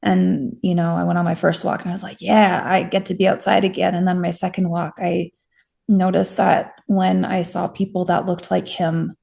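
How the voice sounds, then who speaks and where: A woman's voice: on the low side, little pitch movement, moderate pace, creaky, mellow. A young woman being interviewed, recounting her experience frankly, with self-deprecating humor and many restarts. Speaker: interview guest, stalking survivor. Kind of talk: candid conversational storytelling.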